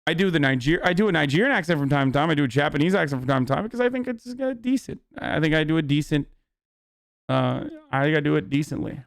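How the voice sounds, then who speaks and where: Male streamer, profane joking commentary, crisp voice a little high. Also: fast, dry recording, clean studio sound. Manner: brash, profane, joking asides. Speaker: streamer reacting to clips. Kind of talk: casual live-stream commentary.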